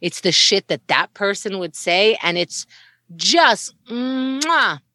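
Lively bright-voiced woman, swearing freely. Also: medium pitch, slow pace, no room sound, clean studio sound. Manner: expressive, swears freely, imitates people. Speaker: podcast co-host. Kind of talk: casual chat.

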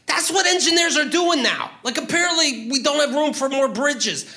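A man doing a stand-up comedy routine, ranting profanely with sudden loud outbursts. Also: very high-pitched, expressive, moderate pace.

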